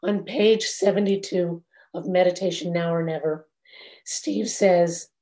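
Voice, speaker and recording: A woman meditation teacher giving a dharma talk in a measured, reflective way, with long pauses. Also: fairly low pitch, fairly even intonation, mellow.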